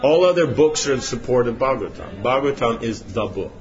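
A man's voice: mid-range voice, expressive, brisk, dull audio. A man giving an informal spiritual class, rambling with many rhetorical questions and asides. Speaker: spiritual teacher.

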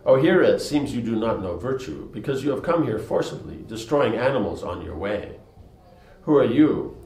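A man voicing a lazy, ancient male monkey in a story he reads aloud, speaking in a slow, lofty and measured way. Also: mid-range voice, lively intonation, a little mellow, reverberant, close to an everyday voice, rough recording.

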